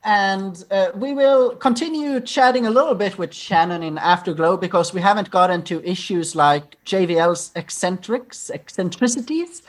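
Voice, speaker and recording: A woman co-hosting a chat show, speaking calmly and wrapping things up. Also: on the high side. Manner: calm, wraps up the show. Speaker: co-host. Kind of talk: casual chat.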